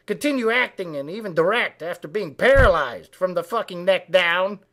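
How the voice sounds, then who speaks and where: A man voicing a foul-mouthed, indignant male frog who delivers a comic political rant with profane, shouted tirades. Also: high-pitched. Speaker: web comedy ranter.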